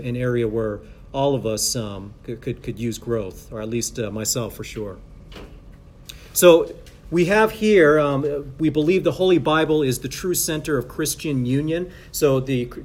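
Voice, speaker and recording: A man preaching a sermon in a conversational, halting way with many fillers and restarts, building to emphatic preaching. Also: medium pitch, a little mellow, a little hiss or hum. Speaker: pastor or Bible teacher.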